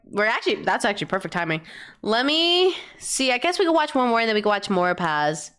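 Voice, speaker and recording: A woman streamer picks out reaction videos while chatting casually with her chat, rambling, swearing offhand and breaking into excited bursts. Her voice is on the high side and her pace is brisk.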